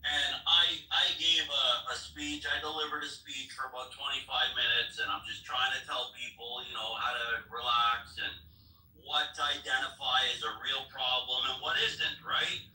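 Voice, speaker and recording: Plain-spoken man with a bright, tense voice. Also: mid-range voice, flat delivery, normal speed, recorded from a distance. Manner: plain-spoken, profane, recounting events step by step. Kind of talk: casual storytelling chat. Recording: echoey room, voice off-mic.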